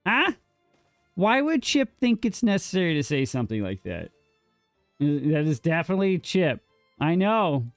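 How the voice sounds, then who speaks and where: A game streamer with a fairly high, sing-song voice talks at normal speed, with no room sound and faint music behind him. He jokes around casually with his chat, teasing them in mock defense and swearing a little.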